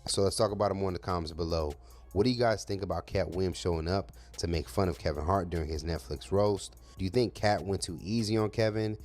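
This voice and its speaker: A man narrating a scripted entertainment news segment in an even read. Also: deep voice, fast talker, soft background music.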